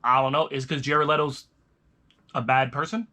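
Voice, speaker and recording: Bright, rambling young man. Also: medium pitch, fairly even intonation, moderate pace. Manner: rambling, loose, restarts sentences often. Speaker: vlogger reviewing movies. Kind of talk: casual chat.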